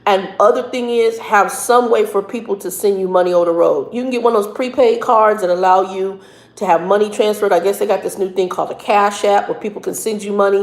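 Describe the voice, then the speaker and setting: A woman who is both a truck driver and a minister gives casual, earnest advice, often pausing and repeating words. Her voice is mid-range and steady, recorded in an echoey room.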